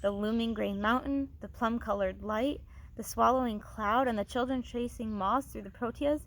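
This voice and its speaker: Teacher reading a chapter book aloud, expressive, higher voice, phone mic. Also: female voice, normal speed. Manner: expressive reading with small restarts.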